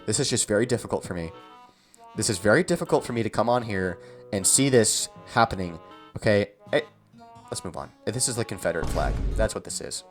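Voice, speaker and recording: A man's voice: lowish voice, animated, fairly quick, soft background music. A young man delivering a mock-outraged comedic rant, exasperated and repeating himself for effect. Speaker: comedy video host.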